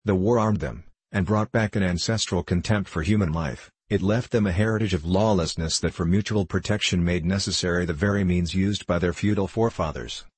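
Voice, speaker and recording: A man narrating a novel aloud in a measured, unhurried storytelling manner. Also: sits low, slightly rough, no echo. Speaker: audiobook narrator.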